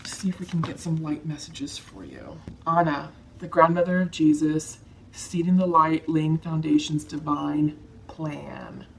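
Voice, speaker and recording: A woman giving a tarot card reading to her viewers, soft-spoken, emotional and reassuring. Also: deep voice, unhurried, creaky, slight background noise. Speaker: tarot reader.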